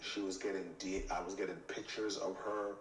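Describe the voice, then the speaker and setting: A man telling an animated story, acting out both sides of the conversation with lots of "I was like". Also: deep voice, a little fast, slight background noise. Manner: acts out both sides of the dialogue, often repeating "I was like". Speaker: reality TV cast member telling a story. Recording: echoey room, mic at a distance, faint ambience.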